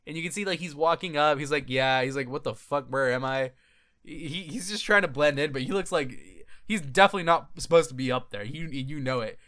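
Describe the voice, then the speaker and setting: A man hosting a gaming video, giving casual commentary over a clip. He is excitable, swears freely, and laughs and restarts often. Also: a little high, fast talker, hardly any pauses.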